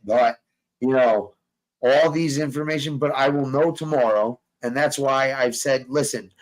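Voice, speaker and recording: A man's voice: mid-range voice, low-quality recording. A man hosting a casual talk stream, profane and emphatic, repeating himself as he vents. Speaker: show host. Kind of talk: heated casual chat.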